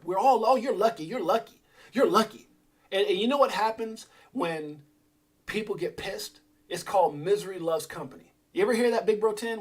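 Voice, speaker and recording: Middle-aged male livestream host, husky and higher-pitched, preachy and fired up, shouts out his chat. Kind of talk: energetic motivational livestream rant.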